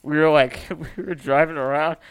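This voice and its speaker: A man's voice: on the high side, normal speed, clear, resonant tone, no echo. A young man in casual chat, telling stories with lots of slang and swearing. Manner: animated storytelling, heavy slang and swearing.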